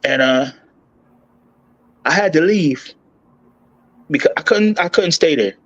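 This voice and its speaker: A man with a voice that sits a bit high, talking through a hard memory as an interview guest, choked up, stopping and starting, words tumbling and repeating. the audio is dull and lo-fi. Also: animated, a bit bright. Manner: halting, with many restarts and repeated words. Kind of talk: emotional personal story.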